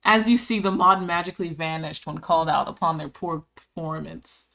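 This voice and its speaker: Woman streamer, bright tone, casual live-stream chatter, giggling, reading chat. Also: deep voice, normal speed, gravelly.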